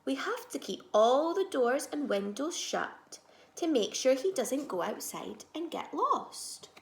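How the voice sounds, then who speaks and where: A woman teacher reading a children's storybook aloud, expressive, moving between soft asides and loud moments. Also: high voice, slow, gravelly, roomy sound.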